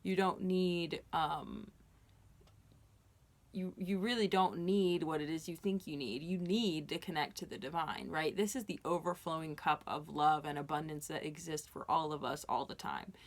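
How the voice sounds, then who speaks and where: A woman's voice: low voice, normal speed. Earnest woman giving a tarot reading. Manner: earnest, reassuring, with fillers and restarts. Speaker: tarot reader.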